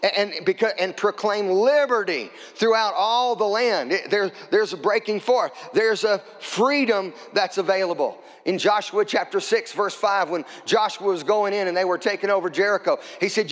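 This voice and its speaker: A man preaching a sermon as pastor, quoting scripture and building to shouts at the high points. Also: normal speed, hardly any pauses, long reverb tail. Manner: preaching with scripture quotes, rising to shouts at climaxes.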